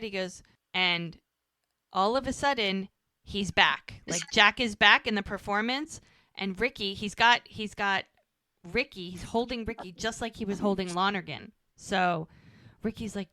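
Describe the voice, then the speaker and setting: A woman with a bright, forceful voice recaps an episode in casual chat, acting out the characters' lines as she goes. The sound is close and dry, with no room around it. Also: mid-range voice, moderate pace, no echo. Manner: animated retelling, quotes characters' lines. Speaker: podcast co-host recapping an episode.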